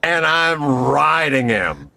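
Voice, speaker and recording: A man recounting a story in casual chat, swearing constantly. His pitch swings widely as he acts out what people said, climbing high when excited. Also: slow, gravelly. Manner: profane, excitable, acts out quotes in a higher voice. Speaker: skydiver telling a story.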